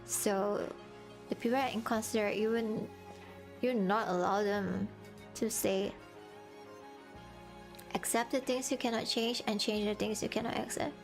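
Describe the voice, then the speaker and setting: A woman streaming from home, chatting casually and giving earnest, encouraging advice. Her throat sounds sore and strained, and her English is halting with non-native phrasing. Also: mid-range voice, fairly even intonation, faint music behind. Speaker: VTuber streamer.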